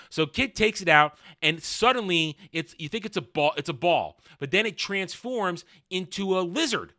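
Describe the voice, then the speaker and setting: A man's voice: high-pitched, expressive, normal speed, few pauses, bright, forceful tone. A man giving a casual, sarcastic and blunt review of a TV episode. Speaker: TV show reviewer. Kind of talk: casual video review commentary.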